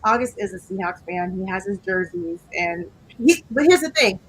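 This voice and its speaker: A woman, a small business owner, chatting as a guest in a relaxed, laid-back way. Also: mid-range voice, normal speed, slight background noise, low-quality recording. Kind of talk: casual interview chat.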